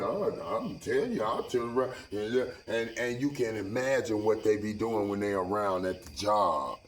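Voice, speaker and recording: A man's voice: lowish voice, lively intonation, moderate pace, few pauses, a little hiss or hum, rough recording. Rambling, profane man preaching to camera. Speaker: vlogger. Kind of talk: casual profane monologue.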